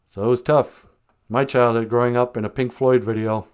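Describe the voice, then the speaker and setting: A man's voice: mid-range voice, level tone, fairly quick, clean tone. A man hosting a casual live-stream podcast, telling jokey stories and laughing often. He is outdoors on a back porch. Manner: joking storyteller, laughs often. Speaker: podcast host.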